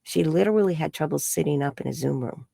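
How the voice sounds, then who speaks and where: A woman, an energy healer and psychic, telling a story in an interview and acting out the quoted dialogue in a higher voice. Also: quick pace, gravelly, no echo, studio quality. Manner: acts out quoted dialogue with high bright voices.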